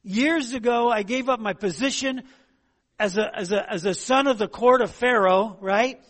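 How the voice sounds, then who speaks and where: A man's voice: high voice, normal speed, a bit bright, in a large hall, voice pushed up. A man voicing Moses as an exasperated, sarcastic leader complaining about his grumbling people. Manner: sarcastic, mock-aggrieved.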